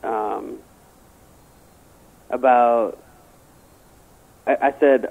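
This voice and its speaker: A man's voice: medium pitch, unhurried. A man telling a rambling, crude personal story in casual chat, stammering and restarting often. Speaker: guest. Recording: tinny phone line.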